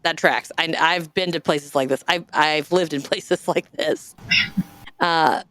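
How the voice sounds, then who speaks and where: Podcast host, woman, smooth and resonant, chatty reader with jokey asides, dry close mic. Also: low voice, steady tone, unhurried, fairly bright tone, no echo. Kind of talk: casual chat and reading listener stories.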